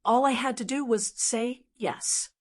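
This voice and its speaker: An older woman narrating a first-person story for an audiobook. Her delivery is calm, measured and steady. Her voice sits a little high for a woman.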